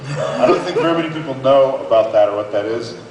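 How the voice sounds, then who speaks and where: Man, panel moderator, brisk, roomy hall echo, faint hiss. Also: medium pitch, expressive, darkish tone. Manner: brisk, addresses the audience. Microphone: phone recording from the audience. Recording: echoey hall from far off, faint noise.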